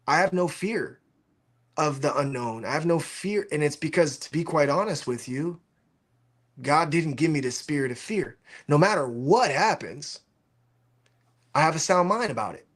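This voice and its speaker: A man chatting on a live audio space in an earnest, reflective way with loose phrasing. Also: a little high.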